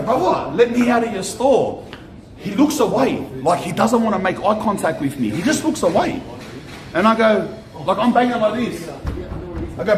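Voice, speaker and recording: A young Australian man tells a story on a vlog outside a shop, animated and slangy, swearing and repeating himself. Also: high-pitched. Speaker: streamer. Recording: echoey with faint ambient noise.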